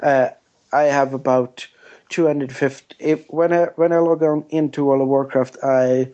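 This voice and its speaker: A man from Sweden answers interview questions in a hesitant, plain-spoken way, often restarting his sentences. His voice stays flat and even throughout. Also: medium pitch, normal speed, dull audio. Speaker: game studio guest.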